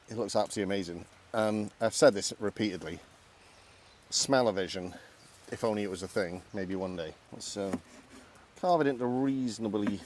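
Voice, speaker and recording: Cooking vlog host, male, low-ish voice, self-deprecating patter, outdoors with faint ambience. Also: a little mellow, a little hiss or hum. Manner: chatty, self-deprecating, talks through each step. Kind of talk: casual cooking vlog narration. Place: outdoors in woodland.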